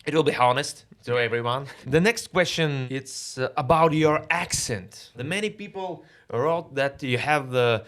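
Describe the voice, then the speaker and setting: A man whose first language is Russian, hosting a casual interview in English and pausing often to search for words. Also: mid-range voice, a bit bright. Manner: halting, searching for words with many fillers. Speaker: interview host.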